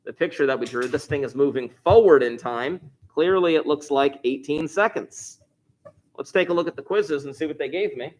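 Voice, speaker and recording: A man's voice: mid-range voice, normal speed. Man, math teacher, class review lesson, chatty, jokey, thinks aloud.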